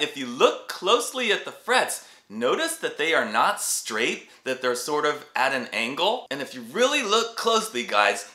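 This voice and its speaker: A man's voice: fairly high pitch, pushed and bright. A man hosting a casual, enthusiastic guitar review, chatting to viewers as he demonstrates. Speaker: guitar reviewer and YouTube host. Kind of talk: casual product review and demo. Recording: echoey room.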